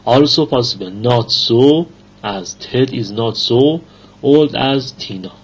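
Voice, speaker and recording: A man teaching an English grammar lesson, reading rules and examples aloud slowly with pauses and fillers. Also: medium pitch, breathy edge. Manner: slow, halting reading with fillers. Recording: dull lo-fi recording.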